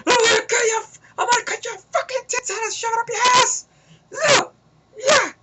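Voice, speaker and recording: एक आदमी एक पागल हत्यारे की भूमिका में ऊँची, तीखी चीखती आवाज़ में धमकियाँ देता है।. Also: male voice, extremely high pitch, normal speed, bright, forceful tone, a little hiss or hum, pitched above the performer's own voice. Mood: menacing.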